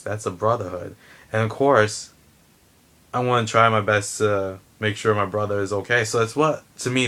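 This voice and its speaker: A man's voice: lowish voice, a bit bright. A man giving a heated, blunt opinion rant to camera, swearing and restarting his sentences. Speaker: vlogger.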